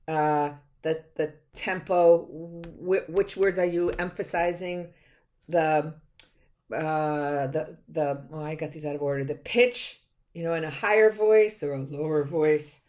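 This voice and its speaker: A woman's voice: on the low side, a little mellow. A middle-aged woman from Connecticut giving a recorded college lecture in a chatty, self-correcting way, with many fillers and restarts. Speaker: college instructor.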